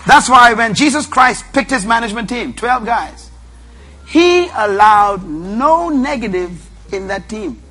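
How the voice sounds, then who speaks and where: Emphatic high-voiced man preaching leadership. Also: expressive, a little slow, pushed and bright. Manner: emphatic, repetitive, commanding the audience. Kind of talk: motivational sermon.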